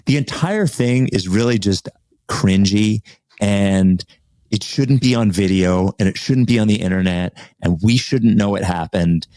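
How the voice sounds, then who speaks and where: A man's voice: lowish voice, measured pace, a little mellow, no room sound, studio quality. A man co-hosting a casual talk show, telling a story with energy and acting out quoted arguments. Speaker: podcast co-host. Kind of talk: casual conversation.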